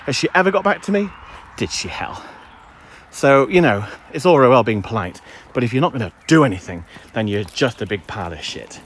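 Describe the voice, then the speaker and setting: On a handheld phone, a man streams his dog walk in the woods, chatting casually, ranting, and using some playful crude language along the way. He has a mid-range voice with lively intonation and a brisk pace, and there's slight background noise.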